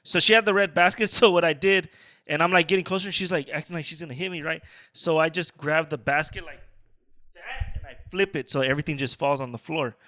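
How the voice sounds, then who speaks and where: A man's voice: fairly high pitch, fairly quick, no echo. A man co-hosting a casual podcast, telling a story with animation and acting out the dialogue. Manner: animated, acts out dialogue in his stories. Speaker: podcast co-host.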